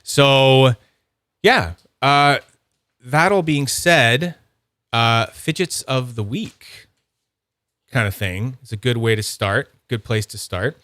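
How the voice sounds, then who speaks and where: A young man chats loosely as host, tripping over his own sentences and breaking into laughs. His voice is bright and edgy. The sound is close and dry, with no room around it. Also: mid-range voice, expressive, slow pace, pauses often, no echo. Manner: rambling, self-interrupting, laughs often. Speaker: podcast host. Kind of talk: casual livestream chat.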